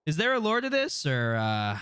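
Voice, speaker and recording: A man's voice: on the high side, wildly swooping pitch, moderate pace, pushed and bright, smooth, no room sound, clean studio sound. A young man streaming a game, casually chatting with viewers and reading the dialogue aloud. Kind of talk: casual gameplay commentary.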